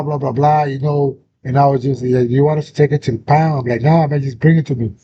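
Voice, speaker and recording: A man's voice: fairly even intonation, fast, few pauses, mellow. A young man, hosting a casual chat and telling a story full of slang and swearing. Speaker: host. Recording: dull lo-fi sound with faint rumble.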